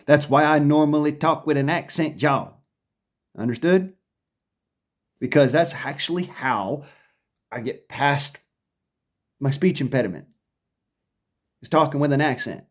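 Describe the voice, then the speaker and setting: A man's voice: a little high, a little slow, pauses often. A man delivering a profane, combative ranting monologue to camera, often stumbling and restarting his sentences. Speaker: vlogger.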